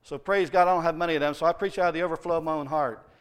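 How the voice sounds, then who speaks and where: A middle-aged male pastor delivers a sermon in a high voice. He tells stories from his week with humour and pushes his points with lively emphasis. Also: racing, smooth. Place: church.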